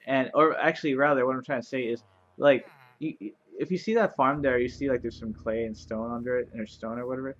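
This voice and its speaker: Rambling, excitable man narrating gameplay. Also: medium pitch, brisk, highs cut off. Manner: rambling, chatty, lots of fillers; playfully sarcastic and excitable. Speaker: let's play commentator. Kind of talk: casual gameplay commentary.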